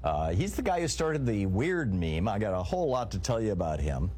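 Low-voiced male talk radio host. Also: very animated, a little mellow. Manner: chatty, halting with fillers and restarts. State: sneezing and coughing.

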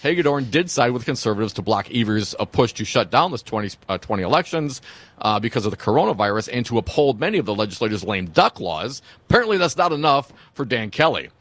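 A man's voice: medium pitch, very animated, fast talker, a bit bright, dry recording. Wry talk radio co-host, man. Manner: conversational, wry.

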